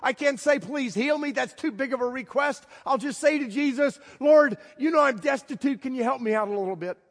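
A man's voice: very high voice, fairly quick, pitched above the performer's own voice. A man voicing a timid, desperate blind male beggar, pleading in a raised voice. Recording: long hall reverb.

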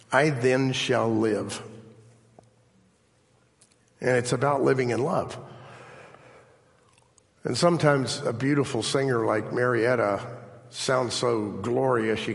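A male preacher delivers a sermon slowly and deliberately, with a gravelly, creaky edge to his voice. He leans hard on key phrases and lifts them high for emphasis. The sound carries a long, lingering reverb from a big church room. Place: church sanctuary. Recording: long reverb of a large hall.

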